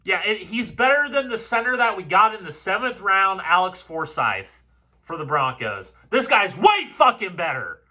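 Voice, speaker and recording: Excitable, foul-mouthed football breakdown guy. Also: sits high, normal speed. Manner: excitable, profane, gets fired up. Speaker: football film analyst. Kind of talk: film breakdown commentary.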